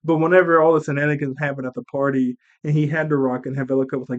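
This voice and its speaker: A young man rambles through a casual recap of a childhood movie. He laughs often and jumps into the characters' lines. His voice sits a little high, and the recording sounds dull and lo-fi. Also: fast talker, hardly any pauses. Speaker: movie reviewer.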